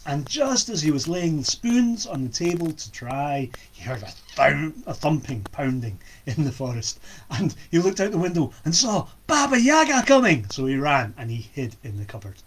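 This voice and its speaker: Playful storyteller, very lively pitch. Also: moderate pace, a little hiss or hum. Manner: playful, with sound effects. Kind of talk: storytelling for children.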